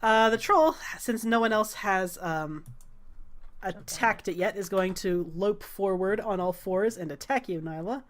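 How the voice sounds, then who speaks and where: A woman runs a tabletop game, narrating scenes and monsters in an easy, unhurried way. Her voice sits at a middling pitch, and she fills pauses with soft hesitations. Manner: relaxed, with many filler "uh"s. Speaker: game master.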